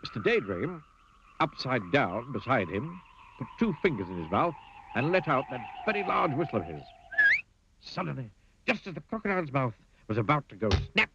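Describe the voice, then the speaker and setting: A man reading a children's story aloud in an expressive, playful storytelling manner. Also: medium pitch, gravelly, muffled recording, a little hiss or hum. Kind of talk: storybook narration.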